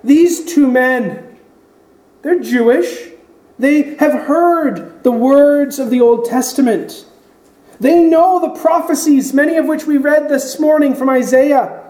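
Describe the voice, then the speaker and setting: A man's voice: very high-pitched, takes it slowly, mellow, echoey room, rough recording. A man preaching a sermon as pastor, explaining scripture and acting out the voices in the story.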